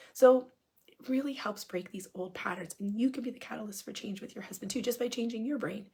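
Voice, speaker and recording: A woman's voice: mid-range voice, a little mellow, slightly rough. A woman marriage coach and hypnotist talking casually and answering questions, upbeat and encouraging, sometimes dropping to a near-whisper.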